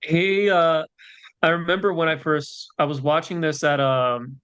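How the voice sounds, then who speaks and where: A man's voice: a little high, fairly even intonation, a little slow, fairly bright tone, clear, resonant tone. A man co-hosting a podcast in casual chat, rambling with lots of fillers. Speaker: podcast co-host.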